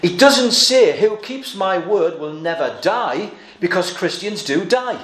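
A man preaching a sermon, earnest and emphatic, slowing down to stress quoted verses. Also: high-pitched, expressive, reverberant.

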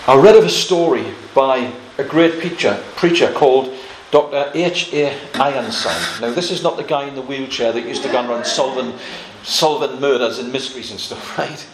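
A man preaching a sermon, telling a story with asides and little laughs, and slowing down to stress key words. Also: mid-range voice, roomy sound, slight background noise, rough recording.

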